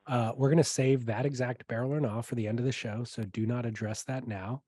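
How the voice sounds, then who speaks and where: A man co-hosting a podcast, chatting casually in a playful, animated way. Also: medium pitch, a little fast, no echo. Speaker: podcast co-host. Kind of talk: casual chat.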